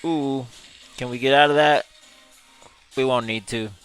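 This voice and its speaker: A man's voice: mid-range voice, steady tone, measured pace, fairly bright tone, clear, resonant tone, faint music behind. A male gaming streamer giving live gameplay commentary in a chatty way, reading chat messages aloud and laughing often.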